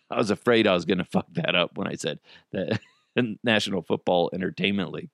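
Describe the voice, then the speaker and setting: A man's voice: deep voice, a little fast, creaky, no echo, clean studio sound. A man hosting a solo podcast, ranting profanely and mocking his targets. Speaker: podcast host.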